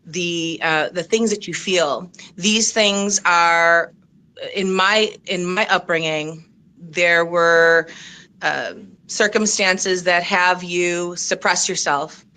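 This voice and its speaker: A woman's voice: on the low side, slow, bright, forceful tone. A middle-aged woman coach on a video call, slightly out of breath, speaking earnestly and reflectively with many fillers. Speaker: coach and consultant. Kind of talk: audition interview on a video call.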